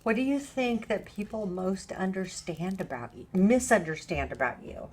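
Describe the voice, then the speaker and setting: A woman in her fifties hosts an interview in a casual manner. She asks plain questions and tells her own stories in a conversational way. Her voice sits at an average pitch for a woman. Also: expressive, normal speed, darkish tone, husky. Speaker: interview host.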